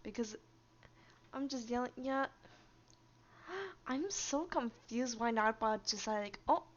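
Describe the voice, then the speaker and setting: A woman's voice: on the high side, expressive, takes it slowly, highs cut off. A woman streamer chatting casually on a live stream, rambling and easily amused.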